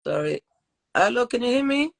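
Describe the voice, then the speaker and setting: A woman's voice: fairly high pitch, sing-song, normal speed, vocal fry. A woman with a French accent, a teacher hosting a live podcast interview, chatty and full of fillers and apologies. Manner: chatty, warm-hearted, apologetic, with many fillers. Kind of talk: live-streamed conversational interview.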